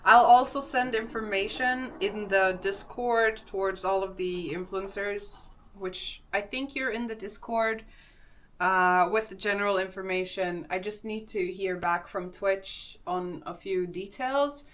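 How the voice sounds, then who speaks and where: Slow-talking Swedish-accented woman streamer. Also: mid-range voice, fairly bright tone. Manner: chatty, greets chat viewers, laughs often. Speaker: live streamer. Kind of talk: casual live-stream chat.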